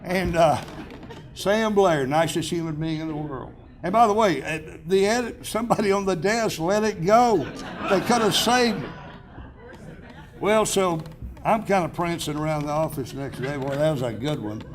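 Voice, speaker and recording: A man in his seventies with a voice on the high side accepts an award at a podium microphone in a banquet hall, speaking at a moderate pace as a crowd murmurs behind him. He tells chatty, self-deprecating anecdotes, restarting sentences and chuckling.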